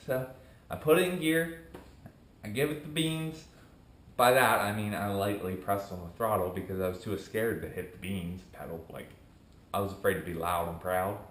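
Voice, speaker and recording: A man's voice: fairly low pitch, moderate pace. Chatty young man, echoey sound. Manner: animated, rambling, acts out quoted friends. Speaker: vlogger starting a channel. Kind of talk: casual storytelling to camera. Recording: echoey room.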